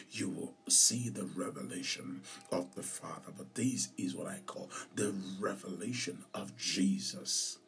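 A man who is a pastor and podcast host, preaching a sermon slowly and emphatically, repeating key lines and dropping into whispers. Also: low-pitched, vocal fry, fairly bright tone, distant mic.

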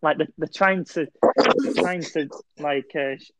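A man's voice: on the high side, a little slow, heavy background noise. A young man chatting casually on a podcast, telling a long dream story with lots of fillers and restarts. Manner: rambling storyteller with many fillers. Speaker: podcast co-host. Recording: dull, dry lo-fi sound.

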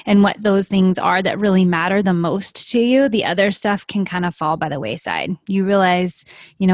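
A woman's voice: medium pitch, moderate pace, no echo, studio quality. A woman in her thirties and a mother, talking thoughtfully in a casual conversation and repeating words for emphasis.

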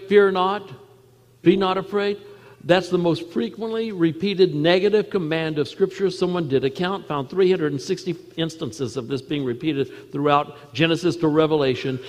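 A man preaching a sermon in earnest, repeating key phrases and dropping to a soft voice at moments. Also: fairly high pitch, long reverb tail. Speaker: pastor.

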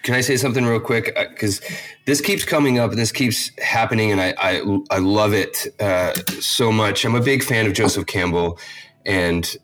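Man, podcast host, low voice, rambling and reflective, faint noise behind. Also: moderate pace, a bit bright. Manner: rambling, reflective, many restarts. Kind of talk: casual interview chat.

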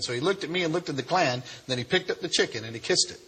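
A man spins a story for a live crowd, folksy and animated, slipping into the voices of the people in it. His voice sits a little high and rings bright and forceful. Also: fast, slight background noise. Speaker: speaker telling his life story.

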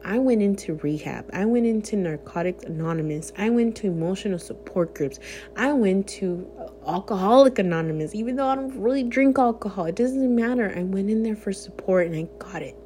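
A woman's voice: mid-range voice, lively intonation, fairly quick, warm tone, a little hiss or hum. A young woman talking candidly and earnestly to her viewers in a personal vlog. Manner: earnest, heartfelt, speaks directly to viewers. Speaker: vlogger.

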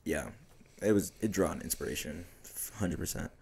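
A man's voice: low voice, normal speed, creaky, a little mellow, breathy edge. A young man co-hosting a podcast, chatting casually about films in a laid-back, slangy way with plenty of swearing. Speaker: podcast co-host.

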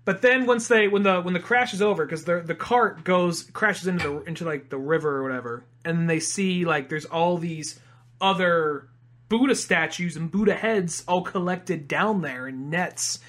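A man's voice: sits high, moderate pace, a bit bright. A young man co-hosting a podcast, chatting casually and profanely about a movie and acting out jokey bits. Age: young adult. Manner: profane, jokey, acts out villain lines. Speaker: podcast co-host. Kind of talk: casual movie-review chat.

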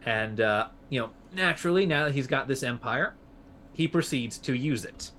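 A man's voice: mid-range voice, lively intonation, normal speed, pushed and bright, a little hiss or hum. A man co-hosting a history podcast, telling the story casually with fillers and restarts. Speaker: podcast co-host.

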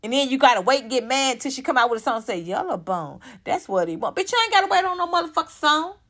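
A young woman tears into her subject in heated reaction commentary. Her voice sits fairly high, and her delivery is profane and scornful. She rants on in a mocking tone. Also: very fast, a bit bright. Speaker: commentary vlogger.

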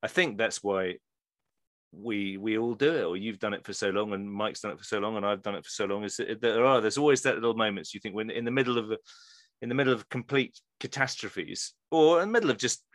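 A man hosting a podcast, speaking in a measured, polite way. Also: fairly low pitch, no room sound, studio quality. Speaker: podcast host. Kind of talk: podcast interview and outro.

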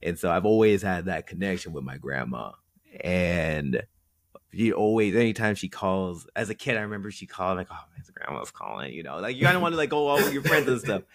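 A young man hosting a conversational interview, attentive, with soft backchannels. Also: deep voice, lively intonation, fairly quick. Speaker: interview host.

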